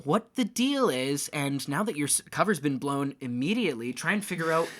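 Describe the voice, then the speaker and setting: Guy gm narrating the scene, lots of um and uh, lively. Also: a little high, moderate pace. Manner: lively, full of fillers. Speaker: game master. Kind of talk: narrating a tabletop game.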